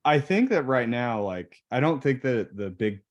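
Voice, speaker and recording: A man's voice: mid-range voice, very animated, moderate pace, dull audio. A man guest on a podcast, talking casually in a rambling, hesitant way with many fillers.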